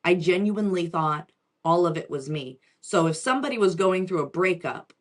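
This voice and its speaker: A woman's voice: lowish voice, lively intonation, normal speed. A woman in her forties, a spiritual reader, telling a personal story in a chatty way with frequent restarts and asides.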